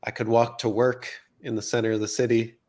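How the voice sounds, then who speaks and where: A man in casual podcast chat who calls himself easily excitable and upbeat. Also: medium pitch, a little fast.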